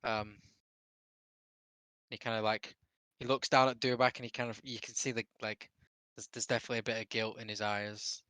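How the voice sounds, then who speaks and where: Man, game master narration, bright crisp voice, dry close sound. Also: lowish voice, little pitch movement, moderate pace, long pauses, no room sound. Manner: loose, rambling narration with fillers and laughter.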